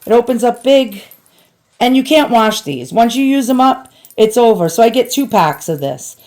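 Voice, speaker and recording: In a casual restoration vlog, a woman with a New York accent cleans an antique at home and talks away, joking at her own expense. Her fairly high voice is animated and darkish in tone, at a normal speed.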